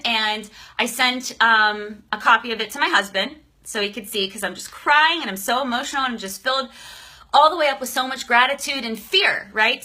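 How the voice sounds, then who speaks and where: A bright, effusive woman hosts a casual live stream, calling out viewers by name. Her voice sits a little high and sounds emotional and shaky, full of feeling.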